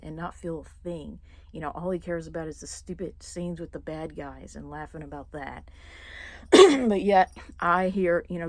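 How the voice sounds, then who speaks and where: A young woman vlogging casually, rambling with many fillers and restarts and clearing her throat now and then. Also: sits low. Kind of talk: casual personal monologue.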